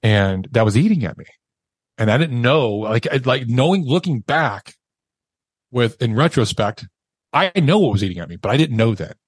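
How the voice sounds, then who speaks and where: A man's voice: mid-range voice, very animated, normal speed, breathy edge, no room sound. A man, a podcast guest, telling a raw, emotional personal story and swearing casually as he talks.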